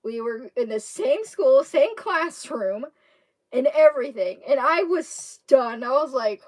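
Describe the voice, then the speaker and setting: A Kentucky livestream host with a Southern accent chats to her viewers in a high, very animated voice. She laughs often while rambling through a story, with restarts and drawn-out words.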